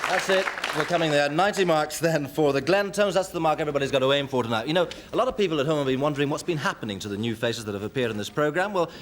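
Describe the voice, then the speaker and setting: A man hosting a talent show, announcing scores and acts briskly. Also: a little high, a crowd in the background, noisy background. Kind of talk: live TV presenting.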